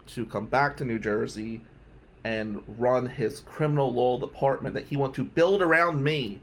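A man's voice: mid-range voice, normal speed, slight background noise. A middle-aged man hosting a podcast, candidly telling a personal story with blunt, emphatic phrasing. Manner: candid, emphatic, with some swearing. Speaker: podcast host.

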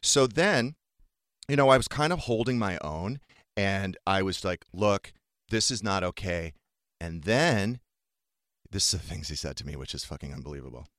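A man's voice: sits low, expressive, normal speed, a bit bright, dry recording, clean studio sound. A man hosting a talk podcast, candidly and emotionally retelling a painful family fight in casual chat. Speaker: podcast host.

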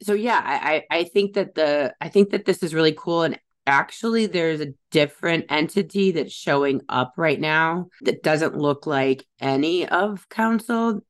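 Host: middle-aged woman, low voice, a bit hoarse, loose chatty delivery full of fillers. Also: unhurried, few pauses. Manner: rambling, many fillers and restarts. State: slightly hoarse from yelling. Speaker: podcast host and psychic medium. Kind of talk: casual spiritual podcast talk.

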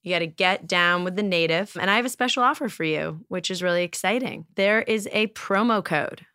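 Casual woman host, playful and quick with jokes, smooth voice, dry close mic. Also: on the low side, sharp tone, dry recording. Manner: playful, jokey, laughs often. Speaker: podcast host. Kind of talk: casual chat and host-read ad.

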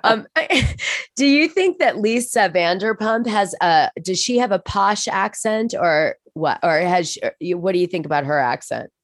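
A woman's voice: mid-range voice, expressive, no room sound, studio quality. An American woman hosting a casual chat, asking eager, curious questions. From United States. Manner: eager, curious, quick to gush.

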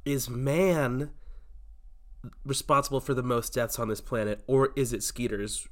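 A man's voice: medium pitch, steady tone, unhurried. A man co-hosting a comedy podcast, casual and goofy, launching into mock-theatrical rants. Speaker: podcast co-host.

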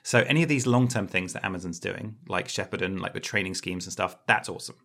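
Chatty man co-host with a bright, forceful voice, explains in a casual way. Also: deep voice, fast talker. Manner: chatty, explains industry matters, self-deprecating jokes. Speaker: podcast co-host.

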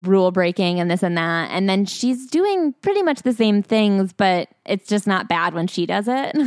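A woman co-hosting a podcast, retelling a memoir in a gossipy, animated casual chat. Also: medium pitch, moderate pace, smooth, dry recording, clean studio sound. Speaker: podcast co-host.

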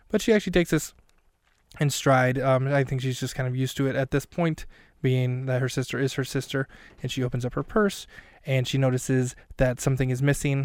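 A man's voice: mid-range voice, clean tone, no echo, clean studio sound. A man hosting a podcast who recaps a film scene by scene in a rambling, self-mocking way with plenty of fillers. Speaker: podcast host.

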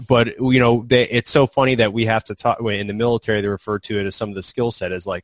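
A man's voice: on the low side, level tone, no echo. A man co-hosting a podcast, speaking earnestly in casual chat with frequent restarts and repeated words. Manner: earnest, halting, many restarts. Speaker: podcast co-host.

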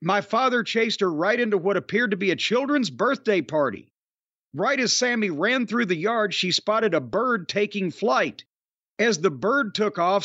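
Lively high-voiced man reading listener tributes. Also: no room sound, lo-fi sound. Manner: wry, offhand, stumbles over names. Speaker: podcast co-host. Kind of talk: casual podcast chat, reading listener tributes.

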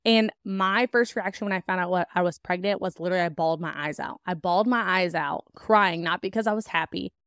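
A woman's voice: lowish voice, fairly quick, few pauses, fairly bright tone, smooth, dry recording, studio quality. A young woman hosting a podcast, talking candidly about her own life in a chatty way, with lots of "like" fillers and laughs. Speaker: podcast host. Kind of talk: personal storytelling to listeners.

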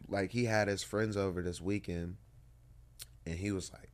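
A man in his thirties tells stories in a relaxed, drawling way as a guest on an interview show. His voice sits low, and he swears casually as he talks. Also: a little slow. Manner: laid-back, drawling, swears freely. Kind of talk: casual storytelling.

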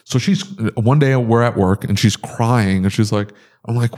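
A man's voice: mid-range voice, moderate pace, a little mellow. A man telling stories in a casual podcast chat, ranting with exasperation and big jumps in his voice.

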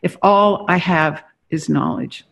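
A man confronted with horror protests and refuses in disgust, as a reader puts him on. The lines come slowly and deliberately, at a middle pitch. It sounds like a book being read aloud. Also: gravelly, fairly bright tone. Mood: appalled. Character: man in a horrific vision, reluctant and appalled. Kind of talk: reading dialogue aloud from a book.

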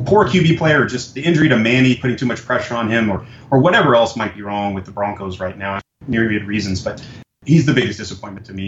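A man's voice: lowish voice, roomy sound, highs cut off, a little hiss or hum. A man giving fantasy football analysis as a guest, earnest and insistent, often stammering as he restarts phrases. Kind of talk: casual analytical talk.

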